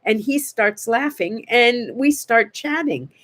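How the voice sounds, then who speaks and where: An older woman hosting a relaxed morning chat tells stories with lots of animation at a slow pace. Her voice sits a little high, and she slips into the voices of the people in her anecdotes during this casual storytelling chat.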